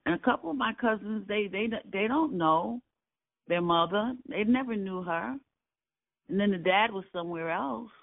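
An older Brooklyn native's high-pitched, creaky, expressive voice carries his memories of his family's past at a moderate pace. In this oral history interview, captured on a dry, tinny, phone-like line, he speaks earnestly and emphatically, repeating key phrases.

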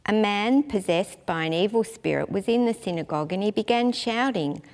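A woman reading scripture aloud in a steady, measured way in a church. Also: mid-range voice. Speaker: scripture reader. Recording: reverberant church hall.

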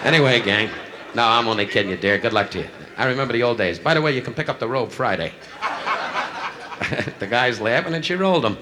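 A stand-up comedian does brash insult comedy, heckling members of the audience in a brisk, mid-range voice full of lively intonation. It's a noisy 1960s live club recording with audience laughter.

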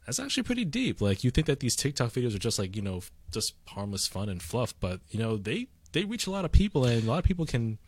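A man's voice: lowish voice, expressive, fast talker, hardly any pauses, darkish tone, slight background noise. A man co-hosting a casual chat, rambling with lots of fillers and restarts. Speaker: podcast co-host.

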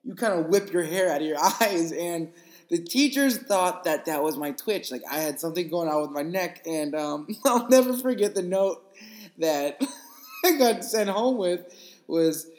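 A man's voice: sits high, measured pace, a little mellow. A man in his twenties, a podcast host, telling personal stories in an earnest, chatty way with frequent fillers. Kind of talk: casual personal storytelling. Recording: roomy echo.

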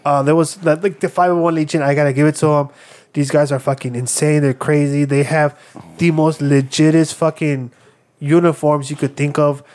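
Young male storyteller, slightly high voice, rambling casual delivery with lots of "like.". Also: level tone, moderate pace, a little mellow. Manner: rambling, lots of fillers and acted quotes.

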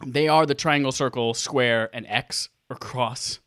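Excitable swearing man, dry close sound. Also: medium pitch, measured pace, no echo. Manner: excitable, swears freely, acts out his own reactions. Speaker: podcast co-host. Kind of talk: casual gaming chat.

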